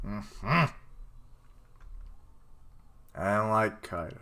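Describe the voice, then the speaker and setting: A young man streams a live reaction to a new manga chapter, thinking out loud in a loose, rambling way. He speaks at an unhurried pace, with plenty of "um" and "like" fillers and an occasional sudden outburst. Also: on the low side, animated. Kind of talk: live reaction, casual commentary.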